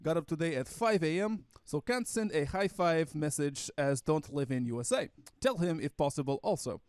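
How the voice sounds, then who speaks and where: A young Russian student reads out his own fan email in halting, broken English, with a slightly raised voice, as a man puts on the accent. The sound is dry and close. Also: on the high side, animated, sharp tone, clean tone, dry recording, full character voice. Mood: earnest. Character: stereotypical Russian male student reading an email.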